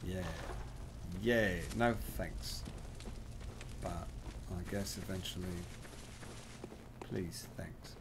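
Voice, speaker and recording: A man streaming a video game, hamming up a put-on Texas drawl and shouting excitedly at what happens on screen. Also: low-pitched, drawn-out words, gravelly, long pauses, heavy background noise. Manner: putting on a joking Texas drawl. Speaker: gameplay streamer. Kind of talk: live let's-play commentary. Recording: game sound in the background.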